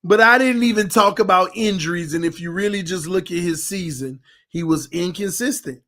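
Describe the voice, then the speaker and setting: Man, high voice, fan sports commentary, animated, shouts and laughs. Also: moderate pace. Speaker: sports channel host. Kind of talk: casual fan commentary livestream.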